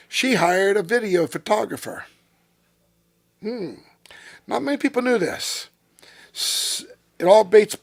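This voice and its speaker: A man in his sixties, a former racing driver as interview guest, telling blunt, profane stories that flare into shouting. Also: high-pitched, creaky. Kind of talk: storytelling in a casual interview.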